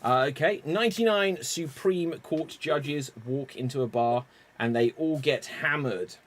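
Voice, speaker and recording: A man hosting an online improv game over a video call, unhurried and chuckling as he calls on players by name. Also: fairly high pitch. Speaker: improv show host.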